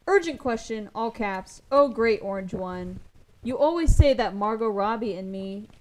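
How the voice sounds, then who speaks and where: A woman's voice: mid-range voice, lively intonation, a little slow, a little mellow, poor audio. A woman co-hosting a live-stream comedy show, upbeatly reading viewer messages and questions aloud.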